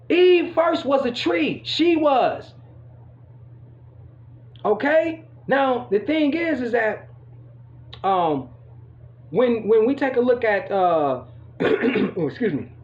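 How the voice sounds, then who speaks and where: A man's voice: very high voice, highs cut off. A man hosting his own channel, talking casually and emphatically to his viewers, cursing often and filling gaps with "you know". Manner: emphatic, profane ranting with many fillers. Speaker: channel host. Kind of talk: casual monologue to camera.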